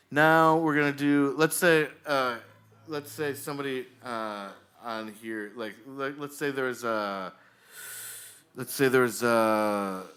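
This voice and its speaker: Man, live comedy host, bright forceful voice, rambling and halting, jokey, on a bar stage, handheld mic. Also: mid-range voice, smooth. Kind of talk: live comedy, directing the audience.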